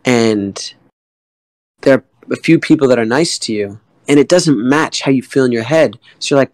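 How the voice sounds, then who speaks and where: A young man tells a personal story in a mid-pitched voice, halting and emotional, with lots of fillers and the odd curse. The sound is dry and close, with no room around it. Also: a little mellow, no room sound, low-quality recording. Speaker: guest artist in a community AMA.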